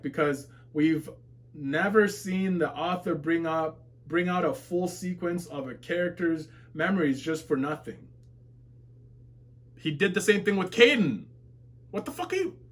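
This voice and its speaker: A man's voice: a little high, a little slow. A man streaming a live webtoon reaction, reading viewer comments aloud and reacting with laughs, curses and outbursts. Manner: excitable, swears and shouts at plot twists, laughs often.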